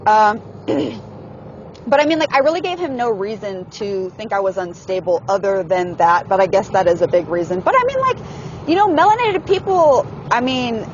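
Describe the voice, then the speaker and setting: A woman's voice: mid-range voice, expressive, normal speed, lo-fi sound, a little hiss or hum. A young woman venting in a casual, frustrated monologue, swearing often and filling her talk with "like". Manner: frustrated, profane, heavy use of "like". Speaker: person venting in a voice message.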